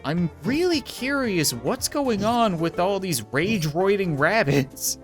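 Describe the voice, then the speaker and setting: A man's voice: high voice, very animated, a little slow, hardly any pauses, soft background music. A man giving jokey, sarcastic let's play commentary as a gaming YouTuber, often talking to the creatures in the game.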